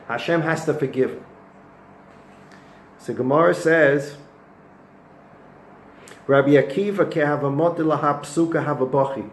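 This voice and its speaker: Rabbi teaching in an echoey room. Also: male voice, medium pitch. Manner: animated storytelling with Hebrew and Yiddish terms. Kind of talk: weekly Torah lesson. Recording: echoey room with faint noise.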